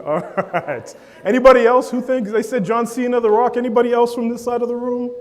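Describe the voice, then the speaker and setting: A man giving a lively keynote at a conference, joking with and calling on the audience in a large hall. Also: high-pitched. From Africa. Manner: energetic, playful, calls on the audience and jokes. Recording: long hall reverb.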